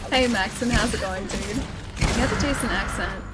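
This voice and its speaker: A woman's voice: mid-range voice, normal speed. A young adult woman with an Australian accent, chatting casually on a live stream while gaming, laughing often as she answers chat.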